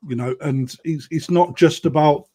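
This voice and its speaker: A man's voice: fairly high pitch, normal speed, mellow. Blunt, emphatic man with a raised voice. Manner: blunt, emphatic, keeps adding "right?". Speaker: koi dealer guest. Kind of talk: casual live-stream chat.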